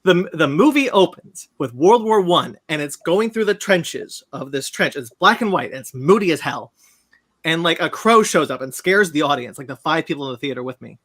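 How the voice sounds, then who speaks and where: Man, podcast host, casual chat, animated, profane, high, bright tone. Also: moderate pace.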